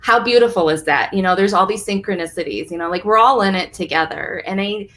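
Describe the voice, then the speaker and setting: A woman's voice: medium pitch, fast talker, a bit bright. A woman guest talking enthusiastically about her readings and her clients in a casual chat. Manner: gushing, enthusiastic, many fillers. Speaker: guest, reader. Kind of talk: casual conversation.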